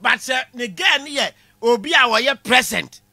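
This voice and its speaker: High bright man joking loudly. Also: normal speed, gravelly, dry recording. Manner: animated, shouting punchlines, laughing at own jokes. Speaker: comedy lecturer. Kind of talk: comic classroom lecture.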